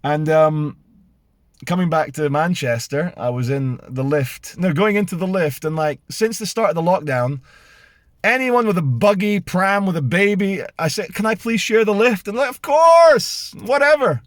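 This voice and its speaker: A middle-aged British man ranting to camera as he tells a story, animated and sarcastic. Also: a little high, moderate pace, no room sound, clean studio sound. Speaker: vlogger. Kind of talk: casual storytelling rant to camera.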